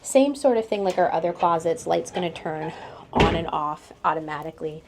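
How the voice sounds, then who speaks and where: A woman's voice: low voice, normal speed, background noise. Chatty woman touring a cruise cabin. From United States. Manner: chatty, pointing things out, laughs lightly. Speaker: vlogger giving a room tour. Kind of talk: casual walkthrough narration. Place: cruise ship cabin, indoors.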